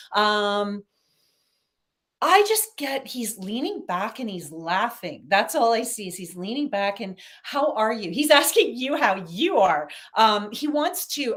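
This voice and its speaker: Woman, psychic host, upbeat and chatty, phone livestream from home, mid pitch. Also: a bit bright. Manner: chatty, upbeat, talks straight to viewers. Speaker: psychic reader hosting a livestream. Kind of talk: casual livestream chat with readings.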